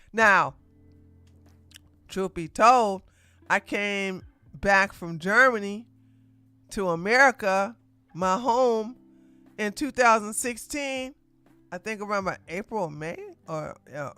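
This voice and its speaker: A woman's voice: medium pitch, slow pace, bright, forceful tone, clear, resonant tone, dry recording, faint music behind. A woman commenting casually on a live stream, rambling and correcting herself as she goes. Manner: rambling, self-correcting, chatty.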